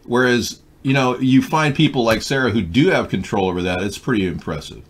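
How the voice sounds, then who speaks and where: A man's voice: mid-range voice, fairly quick, husky. A middle-aged man hosting a live call-in stream, bantering casually with a caller. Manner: animated, bantering, drifts into a put-on accent. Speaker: live stream show host.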